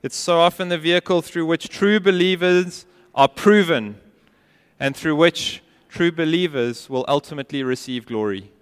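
A man preaching a sermon as pastor, earnest and emphatic, sometimes dropping to a quiet intensity. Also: on the high side, normal speed, clean tone. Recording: long hall reverb.

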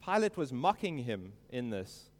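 A man preaching an earnest sermon, stressing quoted lines slowly and emphatically. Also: mid-range voice, sing-song, long reverb tail.

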